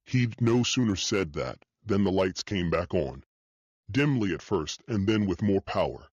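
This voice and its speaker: A man narrating an audiobook in the first person, steady and measured. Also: sits low, dry recording, muffled recording.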